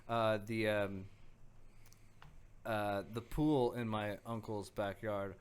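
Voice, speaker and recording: A man's voice: lowish voice, level tone, slow pace, very noisy. A man co-hosting a casual podcast, rambling through stories with many fillers and restarts. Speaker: podcast co-host. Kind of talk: casual chat.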